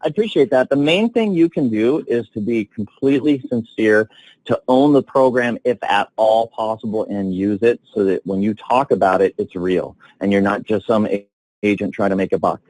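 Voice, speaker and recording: A man coaching salespeople on a training call, telling stories with excitement and lively swings in his voice. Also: fairly low pitch, normal speed, no echo, poor audio. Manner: enthusiastic, animated storytelling with big swings.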